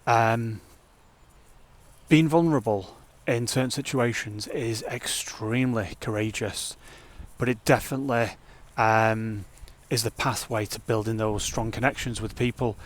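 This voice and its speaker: A man talking casually to camera in a fitness vlog, energetic and rambling, reflecting openly on his days. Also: mid-range voice, unhurried. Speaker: fitness vlogger.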